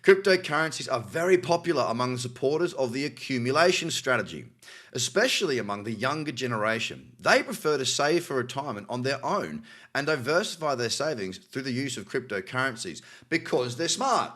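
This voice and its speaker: Australian male host, mid-pitched, casual and cynical, chats between headlines. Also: expressive, fairly quick, fairly bright tone. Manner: cynical, chatty asides while reading articles. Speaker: crypto news host. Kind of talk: casual news commentary.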